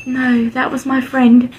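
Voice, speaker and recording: A woman's voice: sits high, animated, slow pace, highs cut off, very noisy. A woman chatting while watching a game, playful and teasing, often laughing. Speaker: co-host, gamer. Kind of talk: casual gameplay chatter.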